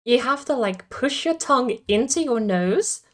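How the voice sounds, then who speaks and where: A woman chats away during a streamed card game, playful and quick to laugh. Her voice sits a little on the high side, and she talks in a loose, easygoing way. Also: animated. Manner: chatty, playful, laughs often. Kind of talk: casual chat while gaming.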